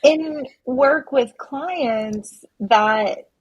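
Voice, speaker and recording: A woman's voice: sits high, very slow, breathy edge, lo-fi sound. A woman who works with clients, talking in casual podcast chat, thoughtful and hedging with many fillers.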